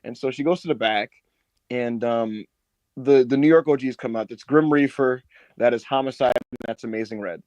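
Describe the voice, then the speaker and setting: A man co-hosting a casual wrestling podcast, telling a long story with lots of swearing and high mock voices for the people in it. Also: moderate pace, no room sound, dull audio. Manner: animated storyteller, swears a lot, acts out others in high put-on voices. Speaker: podcast co-host.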